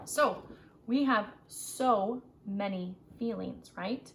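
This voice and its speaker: Slow, gentle woman teaching children. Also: mid-range voice, gravelly, slight background noise. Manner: slow, gentle, encouraging teacher talk with frequent "right?". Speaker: social skills group teacher. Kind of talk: online children's lesson. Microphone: home computer mic for a virtual class.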